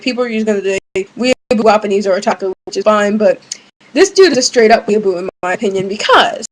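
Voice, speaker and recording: A woman's voice: fairly high pitch, poor audio. A young woman, a college student, ranting casually to her webcam at home, rambling with many fillers and restarts. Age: young adult. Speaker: vlogger. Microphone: webcam mic.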